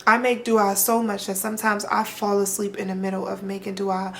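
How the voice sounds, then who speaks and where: A young woman chats straight to her camera like she's talking to her girls, loose and slangy, with lots of asides and repeats. Her voice sits at a middling pitch for a woman and her delivery is relaxed and personal. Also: fairly quick, a little hiss or hum. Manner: chatty, animated, heavy colloquial slang. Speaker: lifestyle vlogger. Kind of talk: casual chat to camera.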